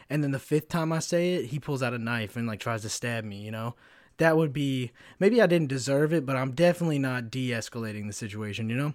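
A man in his twenties hosting a casual solo podcast, tired after a work shift, venting about his job in profane, animated storytelling. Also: mid-range voice, brisk, no room sound, clean studio sound. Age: 20s. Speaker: podcast host.

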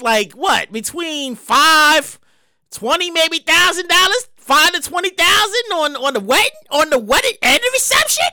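A woman hosting her own show, ranting loudly and profanely in a comedic monologue, getting worked up and shouting. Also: high voice, no echo, clean studio sound. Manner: loud, profane, excitable ranting. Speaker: show host.

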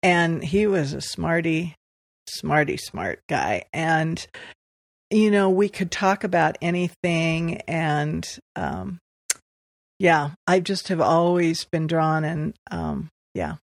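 A woman's voice: sits low, takes it slowly, no room sound, clean studio sound. A woman from Southern California, a podcast guest, telling personal stories with frequent laughter. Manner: lively, laughs often while telling stories. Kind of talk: storytelling in conversation.

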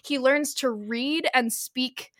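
A woman co-hosting a podcast in casual chat, retelling a story animatedly with lots of "like" and quick asides. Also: high voice, a bit bright. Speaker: podcast co-host.

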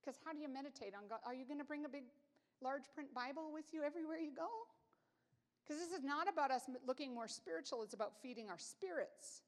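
This fast-talking woman with a high voice is a Bible teacher in her forties giving a conversational sermon. She tells stories chattily and pokes fun at herself, and the audio carries long hall reverb.

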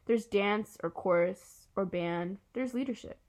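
A woman's voice: mid-range voice, measured pace, darkish tone, close to an everyday voice. A woman voicing a chatty, eager schoolgirl, talking with gushing emphasis while reading a novel aloud. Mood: helpful. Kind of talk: audiobook character reading.

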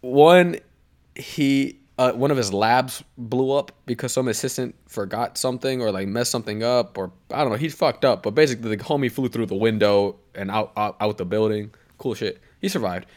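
A man's voice: mid-range voice, moderate pace. Rambling young man telling stories. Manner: rambling storyteller, swears often, trails off on tangents. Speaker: podcast co-host. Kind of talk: casual chat.

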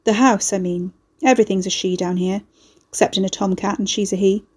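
A man's voice: sits high, fairly even intonation, brisk, a little mellow, breathy edge. A woman voicing a sly, mocking man who is the heroine's neighbour, slangy and cheeky. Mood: teasing.

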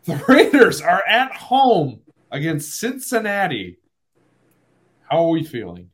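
Man podcast host, lively pitch, slightly high, laughs easily, casual banter. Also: slow pace. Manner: animated, laughing, self-deprecating. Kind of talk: casual sports podcast chat.

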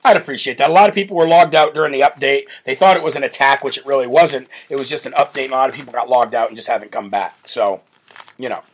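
A man hosting a live political talk show, brash and loud, often breaking into laughter. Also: mid-range voice, fast. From United States. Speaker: show host.

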